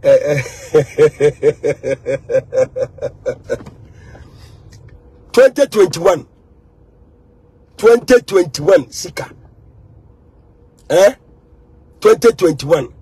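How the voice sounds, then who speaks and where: A Ghanaian man with a high, very husky voice delivers an animated monologue to his viewers. He talks emphatically, hammers words over and over and drops English phrases into his speech. The rasp never leaves his voice. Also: slow pace, pauses often, no room sound. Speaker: social media commentator.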